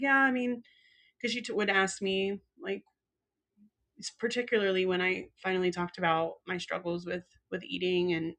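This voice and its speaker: A woman co-hosting a podcast, telling funny stories in casual chat, acting out quoted lines with frequent laughs. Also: fairly low pitch. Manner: animated storyteller acting out quotes, laughs often. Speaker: podcast co-host.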